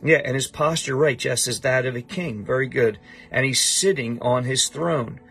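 A man's voice: medium pitch, normal speed, vocal fry, fairly bright tone, husky, faint music behind. A middle-aged man teaching a Bible passage to a student, emphatic and repeating his points.

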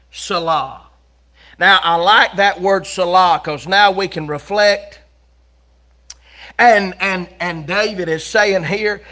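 A man preaches in a church, his voice sitting fairly high for a man. He tells the story in a folksy, animated way, swinging from loud calls to hushed asides. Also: unhurried. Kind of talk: sermon. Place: church sanctuary.

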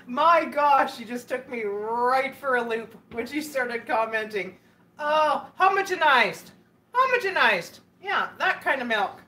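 A woman's voice: fairly high pitch, expressive, slow, bright, forceful tone, a little hiss or hum. A woman hosting a casual live stream, chatting and giggling as she answers viewer comments. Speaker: livestream host.

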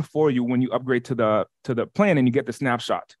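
Co-host man teaching a webinar, keen and fast to restart, mid voice, dry close mic. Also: mid-range voice, dry recording. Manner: energetic, repeats words, quick restarts. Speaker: workshop co-host. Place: lives in Las Vegas.

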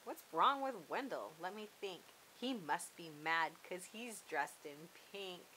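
A woman's voice: fairly low pitch, lively intonation, slow pace, sharp tone, a little hiss or hum, heavily acted, poor audio. A woman voicing a gloating young witch bully who taunts in sing-song rhymes in a storybook read-aloud. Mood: taunting. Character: jeering mean girl witch, gloating bully.

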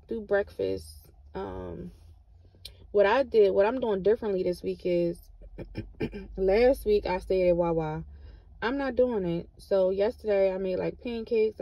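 Encouraging woman with a gravelly voice. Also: mid-range voice, mellow, no room sound, poor audio. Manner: repetitive, encouraging, with Christian references. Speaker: vlogger. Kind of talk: motivational vlog talk.

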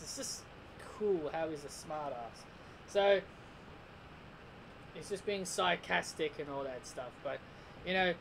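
A man's voice: high voice, a little hiss or hum, low-quality recording. A man giving a casual spoken review of an anime episode, rambling, restarting his sentences and laughing often. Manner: rambling, frequent restarts and repeats.

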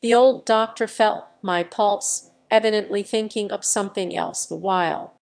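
A woman narrating a classic novel for an audiobook in a steady, measured reading. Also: mid-range voice, gravelly. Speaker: audiobook reader.

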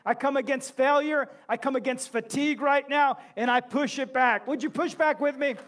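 A male pastor preaching a sermon in a church, impassioned, breaking into shouts and joking asides. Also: very high voice, fairly even intonation, normal speed. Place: church sanctuary.

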